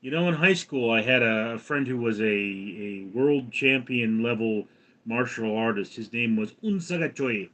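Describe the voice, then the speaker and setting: An American man hosting a livestream in a casual chat, reading viewer comments aloud and answering them in a rambling, halting way. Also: mid-range voice, a bit bright. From United States. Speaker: livestream host.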